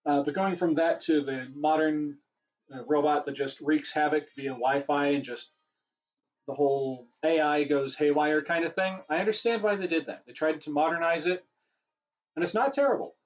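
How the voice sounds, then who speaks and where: The recording is muffled, and the man's slightly high voice keeps a fairly even intonation at a moderate pace. Answering questions as host of a casual livestream Q&A, he rambles chattily and corrects himself while his voice wears down.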